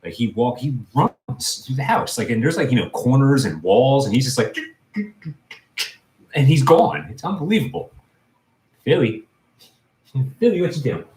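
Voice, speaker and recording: A man's voice: medium pitch, very animated, a little slow, long pauses, darkish tone. A man hosting a casual livestream, rambling and restarting as he chats with viewers and his cat. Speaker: livestream host.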